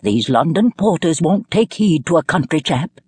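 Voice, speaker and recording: An earnest, fussy country gentleman of advancing years in an audiobook, speaking in a quivering voice, performed by a woman. The tone is breathy and swoops about lively in pitch, recorded dry and close. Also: moderate pace, no echo, exaggerated voice. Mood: regretful.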